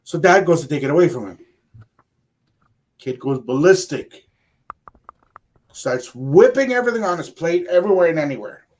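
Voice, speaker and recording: An older man and grandfather, a radio co-host, telling a rambling, animated story in casual chat. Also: a little high, normal speed, long pauses. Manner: animated, rambling anecdote with quoted asides.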